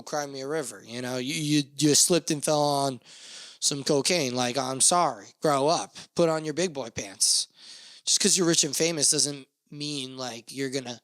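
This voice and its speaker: A man's voice: mid-range voice, bright, forceful tone, no echo. A young man hosting a podcast, talking alone in a rambling, joking and profane way that often mocks himself. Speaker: podcast host. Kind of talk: casual podcast monologue.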